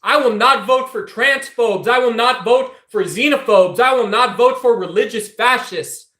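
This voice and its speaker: A man's voice: very high voice, moderate pace, bright, forceful tone. A man ranting heatedly at his livestream chat, confrontational and addressing viewers directly. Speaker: political streamer. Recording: echoey room.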